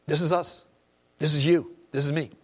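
Preacher man, loud and hushed by turns. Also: fairly high pitch, steady tone, normal speed, slightly rough. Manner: swings from loud emphatic reading to quiet intimate asides. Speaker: pastor. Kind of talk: sermon.

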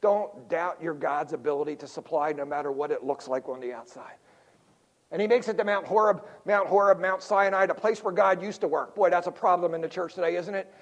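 An older man preaching a sermon in a lively, joking way, dropping to quiet asides between points. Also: fairly high pitch, fairly quick, muffled recording. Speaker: pastor.

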